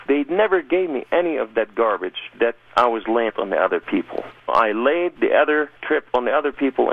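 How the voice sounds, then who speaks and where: Earnest man, gravelly testimony voice, phone-line radio audio. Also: medium pitch. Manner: earnest storyteller, rising intensity. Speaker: guest telling his testimony. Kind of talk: emotional personal testimony.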